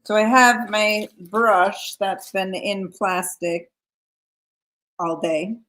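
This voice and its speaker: A woman's voice: medium pitch, steady tone, drawn-out words, a bit bright. A woman hosting a live craft stream, chatting casually and reading viewer comments aloud. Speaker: craft livestream host. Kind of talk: casual livestream chat.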